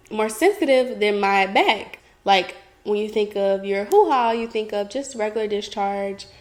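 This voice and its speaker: A young woman hosting a podcast, chatting candidly and casually, giggling and filling her talk with "like". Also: mid-range voice. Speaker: podcast host. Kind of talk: casual confessional chat.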